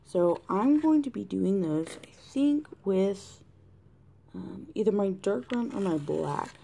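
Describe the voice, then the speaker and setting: A woman talking through a colored-pencil tutorial in a chatty way, thinking aloud and often dropping to a soft whisper. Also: mid-range voice, expressive, slow pace, gravelly. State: has the hiccups. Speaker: art tutorial host. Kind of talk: casual drawing tutorial narration. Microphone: camera mic close to the desk.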